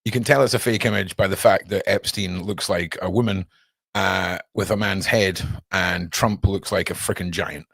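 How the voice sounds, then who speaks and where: A man's voice: deep voice, fairly even intonation, normal speed, vocal fry, fairly bright tone, no echo, studio quality. A man hosting a livestream, chatting sarcastically and jokily with lots of slang. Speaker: livestream host. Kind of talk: casual commentary.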